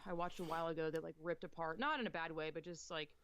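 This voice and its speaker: Chatty woman guest, low-pitched. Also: fast talker, a bit bright, slight background noise. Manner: rambling, chatty, swears freely. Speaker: podcast guest, cosplayer. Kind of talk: casual chat.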